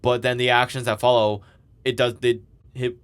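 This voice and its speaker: A man's voice: medium pitch, little pitch movement, normal speed, clean tone. A man co-hosting a podcast, casually recapping events with lots of fillers and restarts. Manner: rambling, filler-heavy recapping with laughs. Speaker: podcast co-host.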